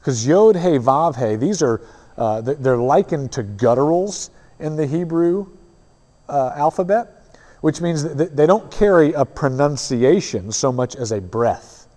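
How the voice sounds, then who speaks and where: A man's voice: fairly high pitch, expressive, unhurried, dark tone, in a large hall. A man preaching a sermon, retelling a story in an earnest, reflective way with frequent restarts.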